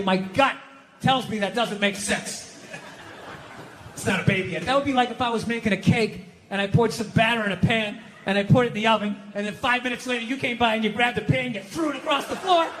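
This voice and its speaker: A man doing a stand-up routine, ranting loudly and dropping to a low mutter. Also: fast, slight background noise. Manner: loud ranting, swings from shouting to low mutter. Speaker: stand-up comedian. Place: comedy club stage.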